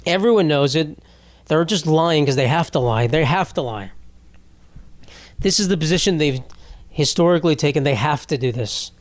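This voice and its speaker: A man hosting his own podcast talks in a loose, rambling monologue full of swearing and sarcastic asides. His voice sits a little higher than most men's, and the sound is dry, with almost no room echo. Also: animated, normal speed, long pauses. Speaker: podcast host. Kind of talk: casual solo podcast rant.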